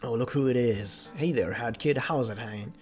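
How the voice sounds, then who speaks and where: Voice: medium pitch, moderate pace, darkish tone, soft background music, voice pushed down, close to an everyday voice. A streamer voicing a flippant, laid-back police chief in a fan-made game, with an offhand drawl.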